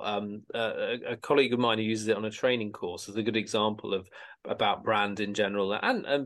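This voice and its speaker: A man's voice: on the low side, a bit bright. A man hosting a casual podcast discussion, talking in a rambling way with many restarts and repeated words.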